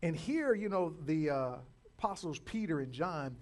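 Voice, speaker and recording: A man preaching a sermon, repeating words and building to loud calls to his listeners. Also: fairly high pitch, expressive, normal speed. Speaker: pastor.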